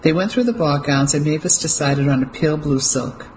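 An audiobook narrator reading a novel in steady, clear storytelling. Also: mid-range voice, fairly quick, a little hiss or hum, poor audio. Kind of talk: scripted narration.

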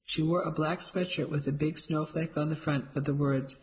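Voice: medium pitch, little pitch movement, normal speed, hardly any pauses, poor audio. First-person storybook narrator, light and wry, mid-range voice.

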